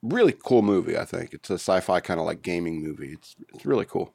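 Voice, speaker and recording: A man's voice: low voice, fast talker, vocal fry, husky, no echo, studio quality. A man co-hosting a casual chat, reading news stories with joking asides. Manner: relaxed, reads stories, jokey asides.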